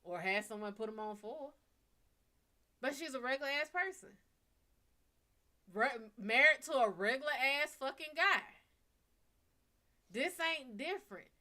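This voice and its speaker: A young woman with a Bayou accent, talking in a blunt, profane, animated way on a casual live stream. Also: a little slow, pauses often. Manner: blunt, animated and profane, swinging from loud to low. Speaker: live stream reader and host.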